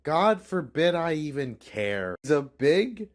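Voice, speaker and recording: A man's voice: a little high, sing-song, slow. A man playing Russia as a grumpy, scornful man who mocks Christmas with sarcasm. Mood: snarky. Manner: snarky, scornful. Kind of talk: comedy sketch acting.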